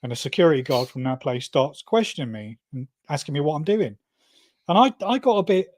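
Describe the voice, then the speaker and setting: A man's voice: fairly high pitch, expressive, brisk, a little mellow, dry recording, clean studio sound. A man in casual livestream chat, blunt and indignant, swearing freely, heard over a video call.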